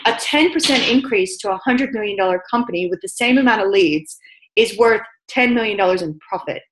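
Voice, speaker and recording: A woman coaches a room on sales in a brisk, emphatic way, hammering each point home with repetition. Her voice sits at a middle pitch. The sound carries a noticeable roomy echo. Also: lively intonation, music in the background. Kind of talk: business training talk.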